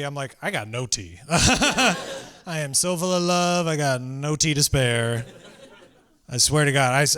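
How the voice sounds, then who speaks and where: Man in his thirties, stand-up comic, high voice, bright and forceful, animated, yelling in the acted bits, club stage mic. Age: 30s. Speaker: stand-up comedian. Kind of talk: stand-up comedy set.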